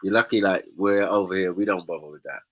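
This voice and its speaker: Bright, forceful man, teasing. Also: low-pitched, fast talker, highs cut off, slight background noise. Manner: teasing, probing. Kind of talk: casual chat.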